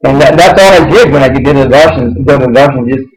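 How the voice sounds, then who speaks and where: A man's voice: medium pitch, a crowd in the background, poor audio. Rambling man telling a story. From United States. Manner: rambling, halting, repeats and restarts phrases. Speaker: host. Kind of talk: casual personal storytelling on an internet radio show.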